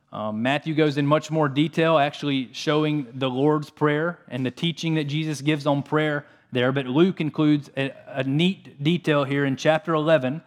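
A man preaching a sermon, reading scripture passages and explaining them in an earnest, steady way. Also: fairly high pitch. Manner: earnest, reads scripture aloud between plain explanations.

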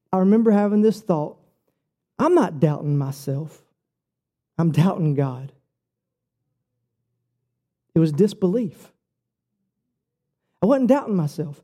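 A preacher, a man with a high voice, tells his own testimony in an earnest, personal way. His tone is very dark and mellow despite the pitch, and his delivery rises and falls as he speaks. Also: a little slow, pauses often. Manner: earnest, personal storytelling with lively shifts in pitch. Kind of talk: sermon.

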